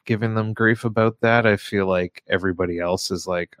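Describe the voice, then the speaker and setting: Man, radio host, low voice, halting with many restarts, dry studio sound. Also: steady tone, fairly bright tone, dry recording. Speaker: radio show host and comedy show runner. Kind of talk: casual radio chat.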